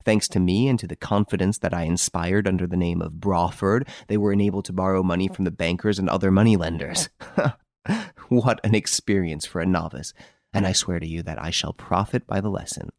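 A man voicing a proud, irritable gentleman thief in an audiobook, given to mocking, indignant outbursts. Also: deep voice, a little fast, creaky, dry recording, clean studio sound. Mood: bitter. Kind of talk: audiobook character reading.

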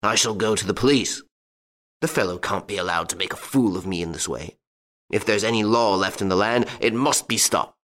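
A man's voice: fairly low pitch, brisk, fairly bright tone, lightly acted. A man playing a proud, wrathful old aristocrat, blustering and indignant. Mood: furious.

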